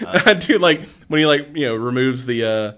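A middle-aged man with a bright, forward tone, chatting loosely about an old film. He keeps laughing and slips into quick voices for the characters he retells. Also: mid-range voice, lively intonation. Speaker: movie podcast co-host. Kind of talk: casual chat.

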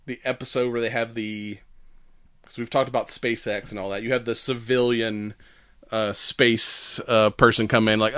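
A man co-hosting a podcast, rambling through a casual recap with frequent laughs and quick acted-out lines. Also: medium pitch, steady tone, smooth, dry recording, studio quality. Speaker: podcast co-host. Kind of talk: casual chat recapping a comedy series.

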